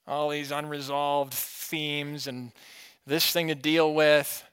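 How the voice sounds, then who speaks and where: Slightly high, slightly slow, and smooth, this pastor's voice carries an expository sermon delivered like a conversation. He asks the congregation questions and swings from emphatic to quiet.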